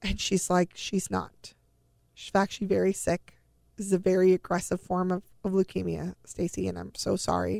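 A middle-aged woman tells a personal family story, slipping into the voices of the people she quotes. Her voice has a gravelly, fry-edged texture at an ordinary pitch. The sound is dry and close, with no room echo. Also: a little mellow. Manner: emotional retelling with acted-out quoted dialogue.

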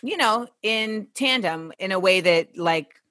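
A woman hosting a casual interview, talking in an animated, slangy way and laughing often. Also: mid-range voice, a little slow, no room sound. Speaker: podcast host.

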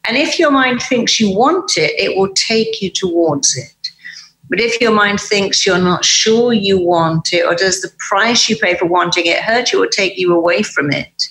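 A woman's voice: medium pitch, moderate pace. Emphatic British woman, roomy sound. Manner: acts out inner dialogue in quoted voices, emphatic and lively. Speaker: guest, therapist. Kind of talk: animated podcast conversation.

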